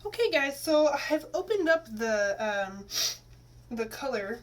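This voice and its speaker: A woman's voice: high-pitched, big pitch swings, unhurried. Chatty woman from Texas, slightly distant mic. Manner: chatty, rambling, many fillers and restarts. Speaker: teacher and vlogger. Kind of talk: casual hair-dye tutorial vlog. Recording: slightly distant mic, faint room noise.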